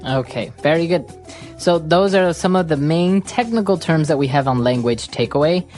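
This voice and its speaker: A woman co-hosting an English-learning podcast, guiding the lesson in casual chat and backing her partner with steady "mm-hmm"s. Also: sits low, moderate pace, faint music behind. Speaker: podcast co-host and English teacher.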